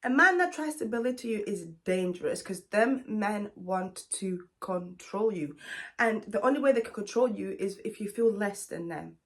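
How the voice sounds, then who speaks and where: A woman's voice: medium pitch, expressive, moderate pace, fairly bright tone. Blunt woman giving dating advice. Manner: blunt, emphatic, calls the listener honey. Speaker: relationship advice vlogger. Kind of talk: direct advice talk to camera.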